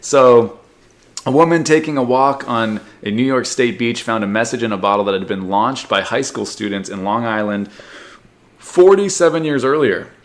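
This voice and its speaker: A male podcast host reads quirky news headlines and breaks off to mock them. His delivery is sarcastic and loose, and he jumps into quick goofy voices for the people in the stories. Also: mid-range voice. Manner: sarcastic, reads headlines then riffs with silly put-on voices. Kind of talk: comedic news commentary.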